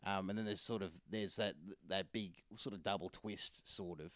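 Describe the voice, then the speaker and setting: A man's voice: sits low, steady tone, moderate pace, sharp tone, no echo, clean studio sound. A man chatting casually about films, rambling with lots of fillers and restarts. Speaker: film reviewer. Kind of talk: casual film review chat.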